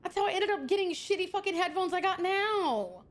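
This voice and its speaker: Super high-pitched streamer girl, excitable, swears constantly, yells sometimes. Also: brisk. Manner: excitable, swears a lot, loud outbursts. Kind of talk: casual live-stream chat.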